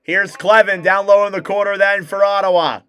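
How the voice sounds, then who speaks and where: A young man doing live hockey play-by-play commentary as a fan streamer, calling the action quickly and reacting with excitement. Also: high-pitched, clear, resonant tone.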